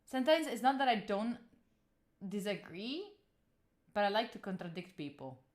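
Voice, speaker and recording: With a medium-pitched voice at normal speed, a twenty-something Italian streamer talks frankly to her viewers in accented English. She's lively, swears without restraint, and reads out and replies to the chat.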